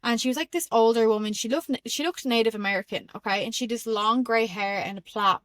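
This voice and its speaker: A young Irish woman hosting a podcast, telling spiritual stories in an excitable, rambling way with frequent laughs. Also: on the high side, quick pace, dry recording. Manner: excitable and rambling, laughs often, many fillers. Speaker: podcast host. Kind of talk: casual spiritual storytelling monologue.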